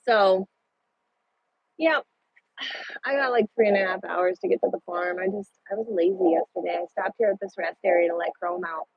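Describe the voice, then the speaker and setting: A woman's voice: lowish voice, moderate pace, creaky, slightly rough, no room sound. A woman truck driver chatting casually with viewers on a live stream from her parked truck at a rest area, swearing now and then. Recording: dull lo-fi sound.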